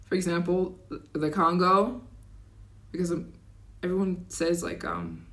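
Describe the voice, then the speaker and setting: Reading donations aloud and answering her viewers, a woman on a travel livestream chats in an easy, rambling way with plenty of asides, occasionally putting on an accent. Her voice sits a little low but swings widely in pitch, at a measured pace.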